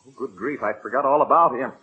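A man's voice: medium pitch, quick pace, natural voice. An actor in an old radio sitcom playing a blustering family father who stammers when he gets worked up. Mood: agitated. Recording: tinny narrow-band old radio.

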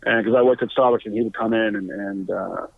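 A man who is a guest musician, telling stories casually, animated and halting, with restarts and swearing. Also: gravelly, slightly rough, no room sound. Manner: animated, acts out quotes with raised pitch. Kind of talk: casual storytelling. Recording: tinny phone-like line.

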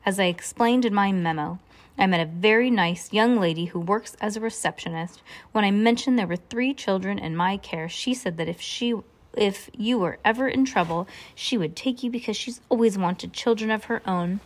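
A woman's voice: medium pitch, normal speed, natural voice. A woman reading aloud as a bossy, impatient male lumber mill boss who barks out orders. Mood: curt. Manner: curt, barking orders.

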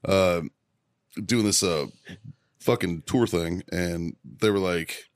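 A man's voice: sits low, takes it slowly. A man co-hosting a casual podcast, telling a heated, profanity-filled story and laughing as he goes. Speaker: podcast co-host. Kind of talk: casual chat, ranting storytelling.

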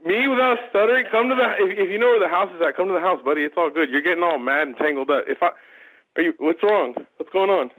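A man's voice: sits high, fast, a bit bright, no room sound, rough recording. A man taunting an angry target on a prank call in a mock-friendly tone. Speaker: prank caller.

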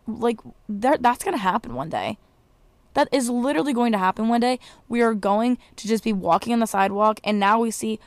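A woman's voice: a little high, a little fast, no room sound. A young woman hosting a podcast, ranting casually and exasperatedly, swearing and rambling with restarts. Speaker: podcast host. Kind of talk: casual solo rant.

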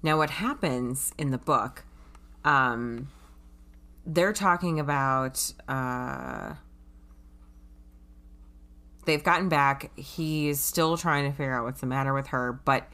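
A woman with a strikingly deep voice chats casually with a friend about a book and its film adaptation. She quotes dialogue and reads passages aloud from the book as she talks. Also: lively intonation, slow pace, a bit bright. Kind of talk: casual book-to-movie discussion.

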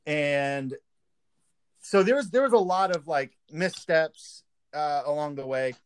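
A man in recovery speaking candidly and haltingly in casual conversation. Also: on the high side, smooth. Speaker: guest in recovery.

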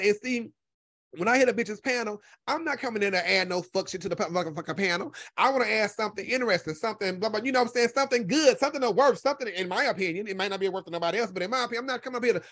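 A man with a strikingly high voice talks in a sassy, profane and emphatic way, hammering his points home by repeating them. The sound is close and dry, with no room around it. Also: no echo. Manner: animated storytelling with laughter. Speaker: YouTube content creator. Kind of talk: casual solo commentary.

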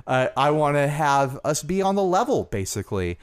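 A man's voice: on the high side, very animated, normal speed, smooth, no room sound, studio quality. A man co-hosting a podcast in casual chat, talking earnestly and rambling with restarts. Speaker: podcast co-host.

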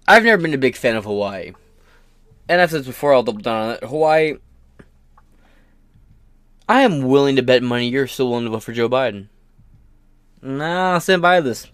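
A man's voice: medium pitch, animated, normal speed, long pauses, smooth, no echo, studio quality. A man hosting his own podcast, ranting in a profane, sarcastic and combative way. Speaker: podcast host.

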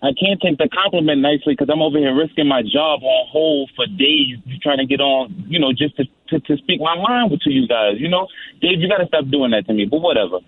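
A man's voice: fairly high pitch, lively intonation, brisk, dry recording. A man calling in to a radio show, rambling with stammering restarts. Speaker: caller. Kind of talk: call-in radio chat. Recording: tinny phone line.

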